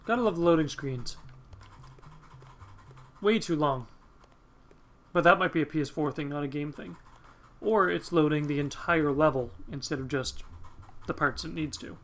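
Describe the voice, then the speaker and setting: A man's voice: fairly high pitch, normal speed, long pauses, fairly bright tone. A man hosting a let's play, chatting casually with rambling asides and the odd swear. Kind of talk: casual gameplay commentary.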